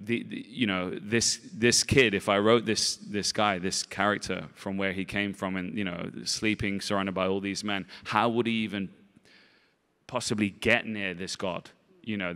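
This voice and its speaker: A man answering interview questions in a rambling, halting way, repeating words and filling gaps with "you know". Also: deep voice, bright, forceful tone, clean tone. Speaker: film director and actor, interview guest. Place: festival stage in a large hall. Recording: long reverb of a large hall.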